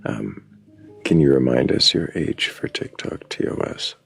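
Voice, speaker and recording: A man hosting a livestream, talking in a calm, measured, gently wry way. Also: rumbling low, creaky, breathy edge, faint music behind. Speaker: livestream host. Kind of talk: casual livestream chat.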